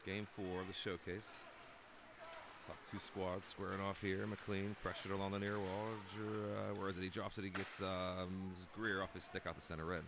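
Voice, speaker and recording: Deep-voiced excitable hockey commentator, man. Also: creaky. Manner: excitable, jokey, calls goals loudly. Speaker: play-by-play commentator. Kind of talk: amateur youth hockey commentary. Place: hockey rink. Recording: noisy recording with rink ambience.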